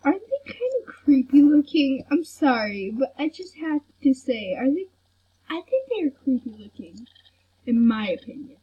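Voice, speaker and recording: A young woman giving casual gameplay commentary, excitable and fawning over what she sees, in a soft, breathy voice. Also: sits high, normal speed. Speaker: gamer. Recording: dull lo-fi home recording.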